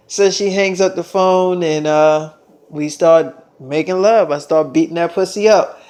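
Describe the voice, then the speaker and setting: A young man with a noticeably high voice tells a long personal story to the camera. He rambles and swears freely, and he keeps circling back with fillers and restarts. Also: measured pace, darkish tone. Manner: rambling, profane, with repeated fillers. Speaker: vlogger. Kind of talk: casual storytelling monologue.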